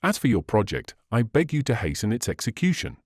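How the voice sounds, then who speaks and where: A man's voice: mid-range voice, very animated, fairly quick, a little mellow, no room sound, clean studio sound. A man reading the part of a pompous, impatient middle-aged burgomaster in an audiobook, speaking emphatically and indignantly.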